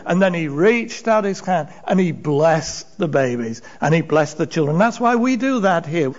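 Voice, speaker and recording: A man's voice: on the high side, expressive, normal speed, hardly any pauses, dull audio. A man preaching a sermon, retelling Bible stories with emphasis and acted-out voices. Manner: storytelling, acting out voices, rising and falling emphasis.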